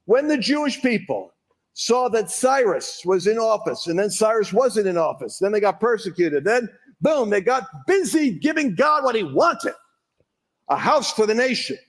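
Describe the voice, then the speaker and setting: A man's voice: high voice, sing-song, normal speed. A man giving a preaching talk, telling his story with emphasis.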